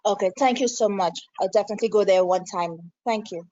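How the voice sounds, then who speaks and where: A woman's voice: medium pitch, brisk, mellow, dry recording. A woman from Trinidad and Tobago with a Trinidadian accent, calling in with a polite, eager question. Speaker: caller. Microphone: video call. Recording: muffled dry call audio.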